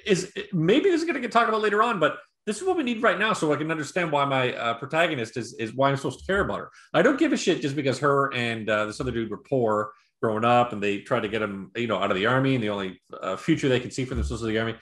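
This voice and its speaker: A podcast co-host on a video call mic speaks at a quick pace in a mid-range voice, in an echoey room. Chatting casually through a show and movie review, he rambles, swears, and retells scenes animatedly with impressions and acted-out quotes.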